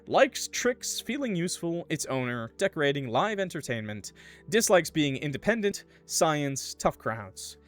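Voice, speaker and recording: A man streaming a game, chatting casually and thinking aloud in an animated way. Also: on the high side, measured pace, faint music behind. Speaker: gaming streamer. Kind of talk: casual let's-play commentary.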